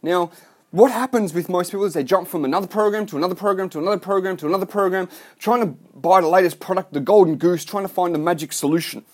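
Fast-talking man on a blunt rant. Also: sits high. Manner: blunt, profane, exasperated; rambling with restarts. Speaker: online business coach. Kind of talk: ranting vlog monologue.

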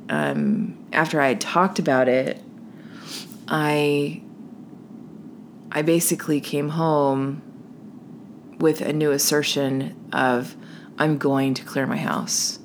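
Low, slow-spoken woman telling a story. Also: slight background noise. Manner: hushed, drops to a whisper for tense moments. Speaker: podcast host telling a personal story. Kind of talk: personal storytelling.

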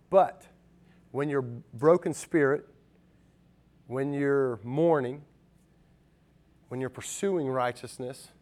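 A middle-aged male pastor giving a conversational sermon, acting out little quoted voices as he goes. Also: medium pitch.

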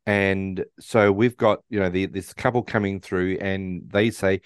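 A man's voice: sits low, fairly even intonation, a little slow, clean tone, no echo, studio quality. A man co-hosting a podcast, casually retelling a movie's plot and acting out the characters' lines. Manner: rambling, restarts and acts out quotes. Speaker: podcast co-host. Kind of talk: casual movie recap chat.

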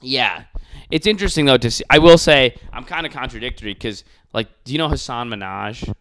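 A man's voice: medium pitch, fairly quick, a bit bright, slight background noise. A man, a comedian, hosting a casual podcast chat, ranting with profanity.

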